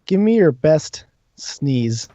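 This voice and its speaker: A man's voice: a little high, sing-song, slow pace, warm tone, no room sound. A man narrating as game master, explaining rules and describing scenes patiently. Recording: dull lo-fi stream audio.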